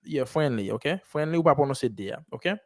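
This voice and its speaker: A man's voice: medium pitch, lively intonation, husky, dry recording, studio quality. Man coaching English pronunciation. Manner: coaching, repeats phrases slowly, mixes Haitian Creole and English. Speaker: English teacher. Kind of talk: live online English lesson.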